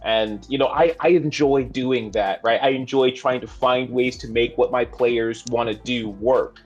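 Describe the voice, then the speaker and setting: A man co-hosting a tabletop gaming talk show, speaking in a thoughtful, measured way. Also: mid-range voice, fairly even intonation, a little mellow, slightly rough, dull audio. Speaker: podcast co-host. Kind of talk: casual chat.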